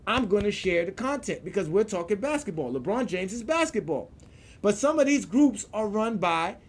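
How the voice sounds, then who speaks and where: Animated, profane man ranting casually. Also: high-pitched. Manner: animated, profane, laughs often, repeats himself. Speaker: show host.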